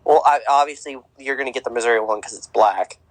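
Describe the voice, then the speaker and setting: A man's voice: mid-range voice, quick pace, dry recording, low-quality recording. A young man co-hosting a podcast, chatting casually about sports with a rambling, filler-heavy way of talking. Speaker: podcast co-host.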